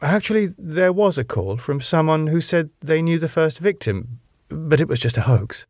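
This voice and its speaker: Pitching above his own voice, a man voices an earnest young female police inspector in a slightly high, expressive, darkish tone at moderate pace. Recorded in studio quality with no room sound, she comes across urgent, defensive, pleading and flustered.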